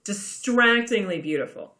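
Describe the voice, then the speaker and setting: Bright-voiced woman chatting in an echoey room. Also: medium pitch, lively intonation, a little slow. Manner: chatty, giggly, casual swearing. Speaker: podcast co-host. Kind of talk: casual chat recapping a TV episode.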